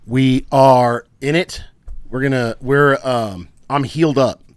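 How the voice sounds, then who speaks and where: A man's voice: medium pitch, steady tone, takes it slowly, clean tone, no echo. A young man co-hosting a podcast in casual banter, rambling and joking, worn out after being sick. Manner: rambling, joking, trails off with fillers. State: tired. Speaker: podcast co-host.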